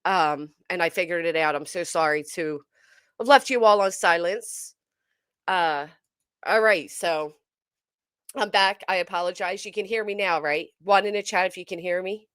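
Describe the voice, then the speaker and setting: A woman hosting a casual livestream, chatting to viewers in an animated, emphatic way with a forceful edge. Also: fairly low pitch, normal speed, clean tone, no room sound, studio quality. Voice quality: tends to sound forceful, described as angry. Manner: animated, emphatic, talks straight to chat. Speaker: livestream host.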